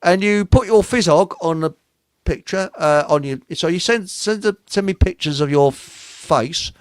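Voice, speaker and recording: A man's voice: high-pitched, measured pace, clear, resonant tone, no room sound. A man hosting a casual livestream, rambling, joking, swearing and reading out viewer comments. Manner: jokey, rambling, swears, laughs often. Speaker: livestream host.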